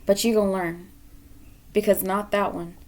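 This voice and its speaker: A woman reads tarot cards for her viewers. She talks bluntly and scolds a lot, swearing freely, in a voice of middling pitch. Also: flat delivery, moderate pace, a little mellow. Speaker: tarot reader. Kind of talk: pick-a-card tarot reading.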